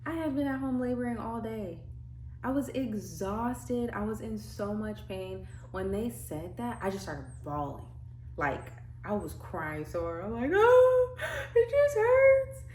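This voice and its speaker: A woman's voice: medium pitch, a little slow, darkish tone, a little hiss or hum. A young woman vlogger telling her birth story in casual chat, full of fillers and acted-out quotes. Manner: chatty, many "like" fillers, acts out quotes. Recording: echoey room with faint ambience.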